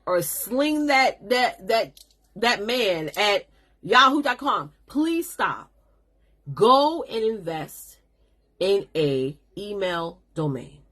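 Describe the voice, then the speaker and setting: A woman hosts a casual live-stream lesson for her viewers. Her voice has a husky, breathy grain and sits at an ordinary pitch. She talks in a chatty, sassy way and calls her audience honey. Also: a bit bright. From New York. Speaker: business coach hosting a live stream.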